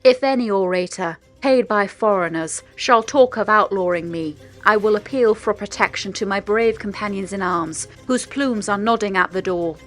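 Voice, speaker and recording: Woman doing a fierce commanding general, loud and defiant, mid-pitched, faint music underneath. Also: normal speed, hardly any pauses, lightly acted. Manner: declaiming loudly, raising her voice.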